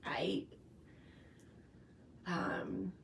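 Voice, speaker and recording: A woman's voice: drawn-out words, in a whisper. A middle-aged woman chatting on a live stream, rambling and emotional, with many fillers and restarts. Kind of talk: casual live-stream chat.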